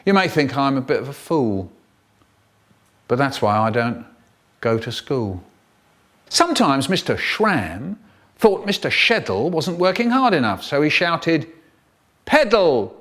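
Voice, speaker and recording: Playful man telling comic children's poems. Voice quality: expressive, big swoops in pitch, playful. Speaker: children's poet reading aloud.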